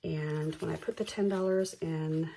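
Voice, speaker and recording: A woman hosting a budgeting vlog, slowly counting bills aloud in a soft ASMR style, bubbly and self-deprecating between counts. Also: deep voice, fairly even intonation, gravelly. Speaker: budgeting channel host.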